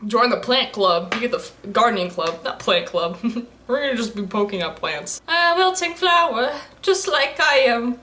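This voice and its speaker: A woman's voice: on the high side, lively intonation, normal speed, bright, forceful tone, a little hiss or hum. A young adult woman giving casual, rambling reaction commentary, laughing often and joking at what she watches. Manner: giggly, rambling, laughs often and jokes at the screen. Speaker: anime reaction YouTuber.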